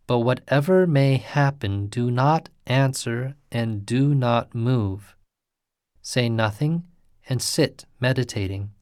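A man's voice: medium pitch, a little mellow, clean tone, no room sound, clean studio sound, natural voice. A man voicing a kindly, protective Buddhist priest who gives solemn, earnest instructions.

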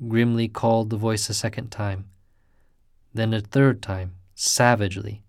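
A man giving a measured, deliberate scripted narration of a ghost tale. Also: lowish voice, fairly even intonation, no echo, studio quality.

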